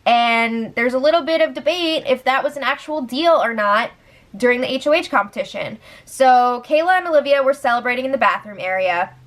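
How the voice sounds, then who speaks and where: A young woman talks through a casual recap in a slightly high voice. She is chatty and giggly, and she fills her talk with little verbal fillers. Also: lively intonation, brisk, a bit bright. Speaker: host recapping a reality show.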